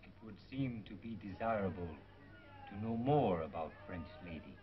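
An actor playing a watchful, calculating male spy who speaks in measured, formal broken English and proverbs, in 1930s film acting on a dull 1930s film soundtrack. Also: lowish voice, animated, close to an everyday voice.

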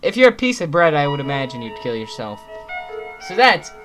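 A man's voice: fairly high pitch, sing-song, a little fast, poor audio. A man commentating while he plays a horror game, muttering, cursing and yelping at sudden scares. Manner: profane, startled reactions and mutterings. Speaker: game streamer. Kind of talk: let's play commentary. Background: loud game music.

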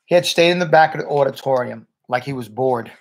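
Gravelly man reading a novel aloud. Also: medium pitch, fairly quick. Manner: plain first-person narration with asides. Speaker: reader.

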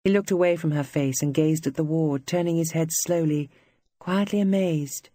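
An audiobook narrator reading literary fiction in a measured, even storytelling manner. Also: mid-range voice, dry recording, studio quality. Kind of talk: scripted narration.

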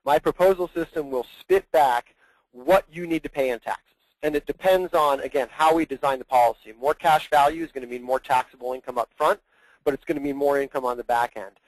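A man's voice: mid-range voice, fairly quick, no room sound, low-quality recording. A man acting as plan administrator guest on a training call, explaining earnestly and at length, often repeating his words.

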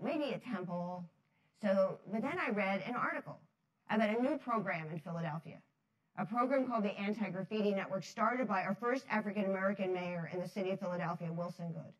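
A woman from New Jersey giving a talk to an audience, telling stories in a lively, chatty way, laughing often and acting out the voices she quotes. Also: mid-range voice, low-quality recording. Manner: chatty, many fillers like "like". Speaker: speaker at a foundation talk series.

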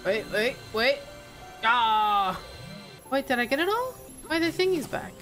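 A young woman playing a video game and chatting casually as she goes, excitable and giggly. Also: fairly high pitch, measured pace, faint music behind. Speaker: gaming streamer. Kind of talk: casual let's-play commentary.

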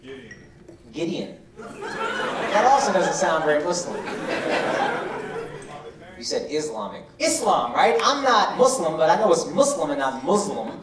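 A man's voice: on the high side, wildly swooping pitch, measured pace, pauses often, heavy background noise. A male stand-up comedian doing crowd work, brash and profane, teasing people in the audience. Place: comedy club stage. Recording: echoey club from a distance, loud crowd. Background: crowd laughter.

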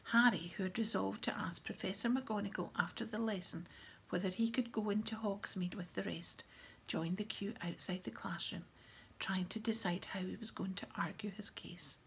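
A woman reading a novel aloud in a soft, half-whispered manner. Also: medium pitch, fairly even intonation, moderate pace, vocal fry, slight background noise. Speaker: audiobook reader.

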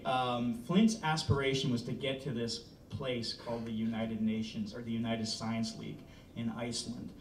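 A man from Canada, a film director, pitching a story to an audience in a loose, joking, casually swearing way. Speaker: film director giving a talk. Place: presentation room. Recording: roomy, from far off, faint rumble.

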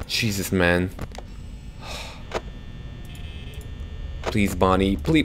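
A young man commentating a horror game for his viewers, jumpy and quick to swear when startled, talking to the audience as he plays. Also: lowish voice, animated, faint music behind. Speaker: gaming YouTuber.

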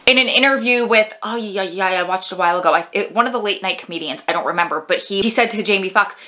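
A woman giving a casual, heartfelt film review in a chatty, expressive way. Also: medium pitch, fast. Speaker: movie reviewer vlogger.

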